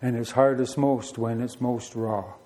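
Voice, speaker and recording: A man's voice: mid-range voice, fairly even intonation, a little slow, dark tone. A middle-aged man, preaching a sermon in a conversational, storytelling way full of rhetorical questions. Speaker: pastor.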